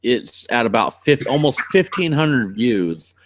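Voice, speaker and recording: A man's voice: medium pitch, big pitch swings, a little slow, dry recording, studio quality. A man with a West Coast American accent chatting casually on a live stream as the channel host, blunt, rambling and cursing freely.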